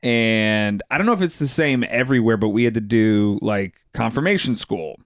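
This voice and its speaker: A man's voice: fairly low pitch, lively intonation, normal speed, no echo. A man co-hosting a casual podcast, laid-back with dry humor, telling stories from his upbringing. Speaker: podcast co-host.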